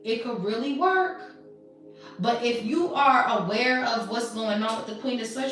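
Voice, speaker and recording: A woman's voice: a little high, unhurried, a bit bright, recorded from a distance, faint music behind. Brash woman in an echoey room. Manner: blunt, profane, slangy and mocking. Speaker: tarot reader. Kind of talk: casual tarot reading monologue.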